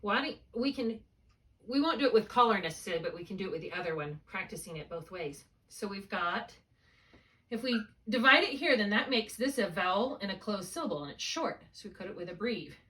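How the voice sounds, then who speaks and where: A woman's voice: medium pitch, animated, brisk, bright, forceful tone, recorded from a distance. Woman, reading tutor, patient step-by-step explaining, laptop mic, sounds a bit off-mic. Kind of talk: one-on-one spelling lesson. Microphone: laptop mic, held while writing.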